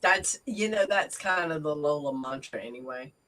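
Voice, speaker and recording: A Southern woman co-hosting a casual chat, folksy and joking, quick to laugh. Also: sits low, animated, a bit bright, recorded from a distance, low-quality recording. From American South. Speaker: co-host.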